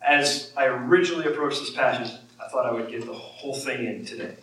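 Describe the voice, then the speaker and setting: A man's voice: mid-range voice, brisk, fairly bright tone. Man preaching, echoey room from far off. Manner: conversational preaching, rises when quoting scripture. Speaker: pastor. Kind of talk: sermon.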